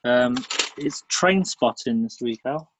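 A man co-hosting a comedy podcast, telling jokes in a deadpan way. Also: mid-range voice, slow, noisy background. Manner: deadpan comic delivery. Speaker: podcast co-host. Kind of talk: jokey banter.

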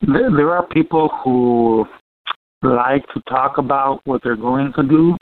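A man with a Mexican Spanish accent hosting a casual comedy podcast interview, talking in halting, loose phrases. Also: medium pitch, a little hiss or hum. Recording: gravelly voice on a tinny phone-like line.

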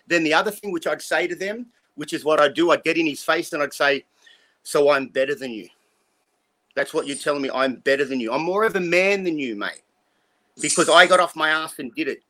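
During a casual interview, a man in his fifties speaks as a guest with a slightly high voice that sounds pushed and bright. He's blunt and rambling, swearing his way through life lessons like a profane motivational talk.

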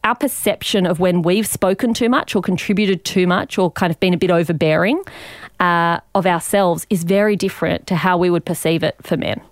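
A woman's voice: on the low side, a little fast, no room sound. Australian woman in her 30s, articulate guest, explains with examples, dry studio sound. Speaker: guest author and commentator. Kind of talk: podcast interview.

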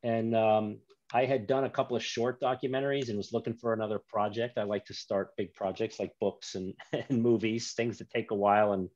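Low-voiced man with dull lo-fi sound. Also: fairly even intonation, a little fast, darkish tone, dry recording. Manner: rambling storyteller, easy and self-mocking. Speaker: guest, author and documentary maker. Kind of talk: casual interview chat.

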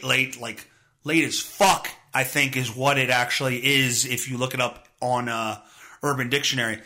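A man's voice: fairly high pitch, bright, forceful tone. A man in his thirties hosting a solo podcast, rambling, sarcastic and full of swearing. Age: 30s. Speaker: podcast host. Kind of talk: casual solo podcast rant.

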